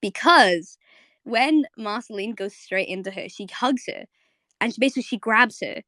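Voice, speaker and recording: A young woman hosting a live audio chat on a home mic, rambling in quick bursts with lots of fillers and repeats. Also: fairly high pitch, animated, pushed and bright, dry recording, clean studio sound. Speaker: host of a live audio space. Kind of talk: casual live chat to listeners.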